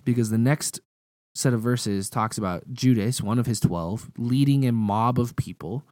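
A man's voice: mid-range voice, moderate pace, darkish tone, no echo. A young man preaching a sermon in a casual, conversational way, telling personal stories.

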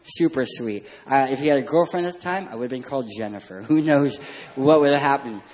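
A man preaching a sermon as a pastor, joking and animated as he tells stories. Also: medium pitch, brisk, rough recording. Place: church stage.

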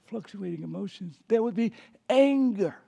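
A man preaching a sermon as pastor, calling on the congregation to repeat words, swinging between emphatic and hushed delivery. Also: high voice, animated, moderate pace, creaky. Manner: preaching with call-and-response prompts to the congregation.

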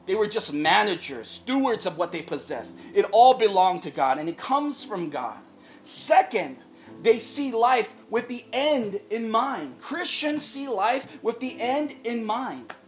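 A woman's voice: on the high side, sing-song, a little slow, faint music behind. A woman pastor preaching a sermon in an earnest way, repeating phrases for emphasis and often checking in with the congregation.

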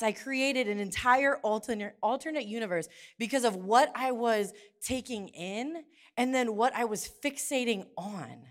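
A middle-aged woman preaching in church, telling a lively personal story and acting out the dialogue in hushed and excited voices. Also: mid-range voice. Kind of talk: sermon with storytelling.

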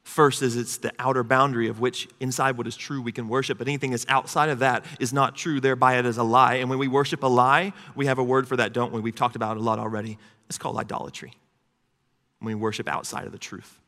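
Bright-voiced preacher in an echoing hall. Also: male voice, mid-range voice, fairly even intonation, fast talker. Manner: conversational preaching, with asides to the congregation. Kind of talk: sermon. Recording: long hall reverb.

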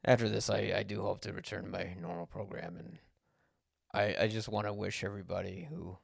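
A man's voice: fairly low pitch, level tone, brisk, vocal fry, dry recording, clean studio sound. A man hosting a podcast, speaking an unscripted personal monologue, blunt, swearing when angry and correcting himself as he goes. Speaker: podcast host.

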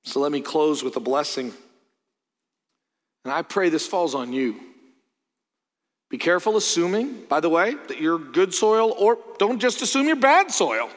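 A man's voice: very animated, a little slow, pauses often. Earnest preaching man in a reverberant hall. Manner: earnest, swings between loud emphatic peaks and quiet low asides. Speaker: pastor. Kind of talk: sermon. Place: church sanctuary.

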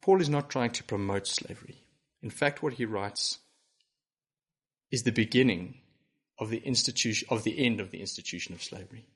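A pastor with a husky, fairly low voice preaches to home viewers of a church broadcast at a moderate pace, pausing often. He is earnest and emphatic, pressing listeners with rhetorical questions.

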